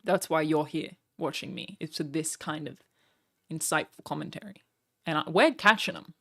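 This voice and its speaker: Young woman streamer, bright crisp tone, self-mocking and chatty, fast asides. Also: deep voice. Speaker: streamer reacting to a broadcast. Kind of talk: casual live-stream chat.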